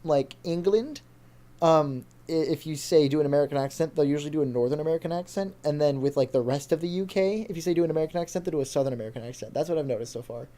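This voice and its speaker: A man's voice: a little high, racing, warm tone. A young man in his late teens telling a story on a casual podcast, rambling with lots of fillers, on a desktop mic with a pop filter at home. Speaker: podcast co-host. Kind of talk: casual chat. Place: home desk setup.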